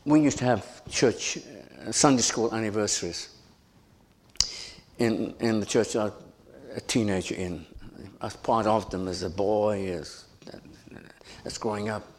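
A man's voice: lowish voice, measured pace. A middle-aged man preaching a sermon as pastor, earnest, repeating his phrases and stumbling over restarts.

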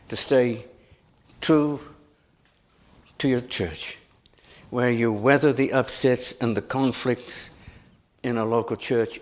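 A middle-aged male pastor preaches a sermon at an unhurried, deliberate pace. His voice sits in an ordinary middle register, earnest and emphatic, and he often repeats phrases and stumbles into restarts. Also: mid-range voice.

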